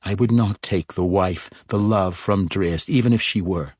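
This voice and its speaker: A man's voice: low voice, unhurried, a little mellow, dry recording, studio quality. A man voicing a poised young drow woman. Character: cool, composed young female drow.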